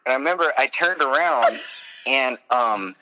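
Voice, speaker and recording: A man reminiscing casually with a friend, halting and searching for words, crude in his phrasing. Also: medium pitch, expressive, pushed and bright, low-quality recording.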